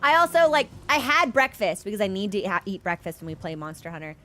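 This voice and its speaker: Fast and a bit bright, this medium-pitched woman's voice belongs to a gamer live-streaming casually, rambling and laughing easily with her audience. She talks through headphones with a wired mic.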